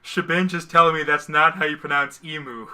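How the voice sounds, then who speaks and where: A man's voice: on the high side, fairly even intonation, fairly quick, pushed and bright, clean tone. A man co-hosting a casual live stream, joking and poking fun at himself. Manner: jokey, self-mocking. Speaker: stream co-host.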